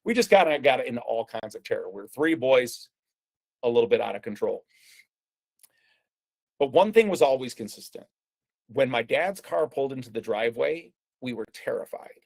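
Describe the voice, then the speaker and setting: A man tells a personal story, his mid-pitched voice carrying a gravelly edge. He talks conversationally, with fillers and restarts. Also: expressive, normal speed, pauses often, darkish tone. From United States. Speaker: speaker presenting a talk.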